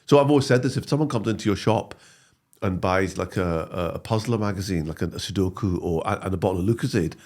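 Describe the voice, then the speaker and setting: Interview guest: man, low voice with lively swings, animated storyteller, frequent restarts. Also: quick pace. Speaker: guest, comedy actor and writer. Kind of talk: casual interview chat.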